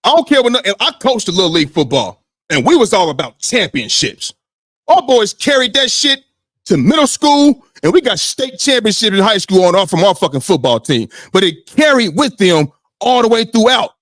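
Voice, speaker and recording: Higher-voiced man, loose profane sports talk. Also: moderate pace, dry recording, studio quality. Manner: animated, loose and profane, leans on "you know what I mean". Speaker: sports podcast host.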